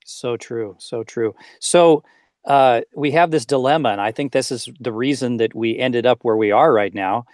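A man's voice: medium pitch, normal speed, darkish tone, no room sound, clean studio sound. Earnest male co-host asking questions. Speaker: co-host, teacher. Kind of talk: podcast interview questions.

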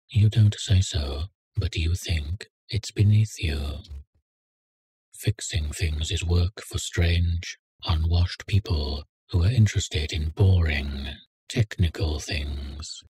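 Brief: husky low-voiced male narrator, slow and deliberate, dry close sound. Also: darkish tone, dry recording. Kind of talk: scripted story narration.

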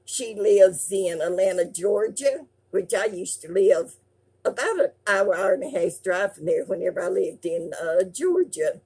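A woman's voice: mid-range voice, expressive, unhurried, mellow, breathy edge. An older woman, hosting her craft channel and reading fan mail aloud in a folksy, affectionate way.

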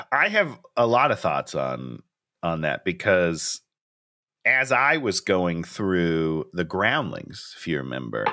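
A man's voice: low voice, big pitch swings, slow, pushed and bright. A man from the Midwest co-hosting a casual podcast, talking emphatically and swearing for effect. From American Midwest. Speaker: podcast co-host. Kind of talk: casual chat.

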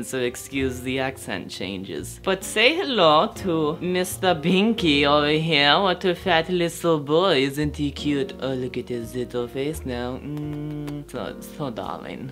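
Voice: mid-range voice, a bit bright. Performer doing rich old aunt character, put-on German-like accent that keeps slipping, theatrical, bawdy, rambling comedy monologue. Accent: shifting put-on German-like accent. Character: flamboyant rich old aunt, woman, self-styled matchmaker.

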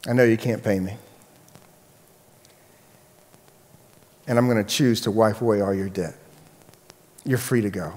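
A man playing a grave, deliberate king. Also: steady tone, a little mellow, natural voice. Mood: merciful. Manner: slow, low and grave. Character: powerful, merciful but stern king. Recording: long echoey hall reverb.

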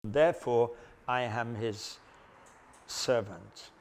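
A Bible teacher lectures in a relaxed, conversational style, his voice at an ordinary middle pitch. He frequently pauses and restarts mid-sentence and works in gentle, self-deprecating jokes.

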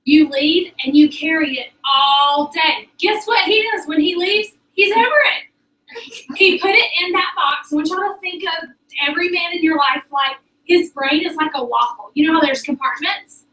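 Woman, high voice, motivational talk, chatty, echoey room, distant mic. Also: moderate pace. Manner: chatty, animated, addresses the audience as "y'all". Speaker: sales director. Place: meeting room with an audience. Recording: roomy sound from a distance.

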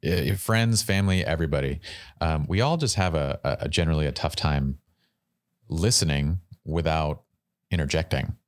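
Podcast host guy, super deep voice, dry close sound, thinks out loud w lots of restarts. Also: no room sound. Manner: reflective, halting, many restarts. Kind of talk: casual interview chat.

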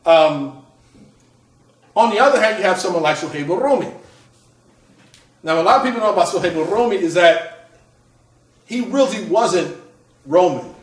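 A man lectures as a scholar explaining his work, his voice sitting on the higher side. He often restarts phrases and checks in with a rhetorical "right?". The sound is roomy and echoing, picked up from some distance. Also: expressive, moderate pace, pauses often. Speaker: author and Islamic scholar. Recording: echoey room, mic at a distance.

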